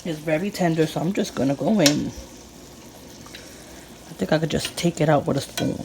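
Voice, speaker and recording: Woman, 30s, from Puerto Rico, lowish voice; relaxed kitchen vlogger, laughs a lot while tasting. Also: normal speed, gravelly, background noise. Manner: excitable, laughs often, talks while tasting. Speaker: cooking channel host. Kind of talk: casual cooking vlog chat.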